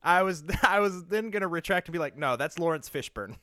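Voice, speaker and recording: A man co-hosting a comedy podcast, riffing on jokes and laughing often. His voice is bright and smooth, a bit higher than most men's. The sound is dry and close to the mic. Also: animated, fairly quick, dry recording. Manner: joking, laughs often, riffs on bits. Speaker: podcast co-host. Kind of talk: casual comedic chat.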